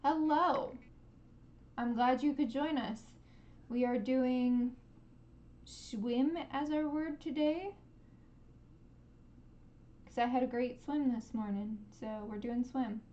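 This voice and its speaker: A woman streaming a live painting lesson, gently encouraging viewers and making playful sound effects as she paints. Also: high-pitched, steady tone, slow, pauses often, muffled recording.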